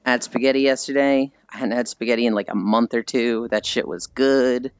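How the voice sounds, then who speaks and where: A man chats with his stream audience as he walks, rambling and poking fun at himself, now and then slipping into silly voices. His pitch sits in the middle range. The audio has a muffled, lo-fi quality. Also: a little fast, clear, resonant tone. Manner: rambling, self-deprecating, animated mock voices. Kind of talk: casual chat with stream viewers.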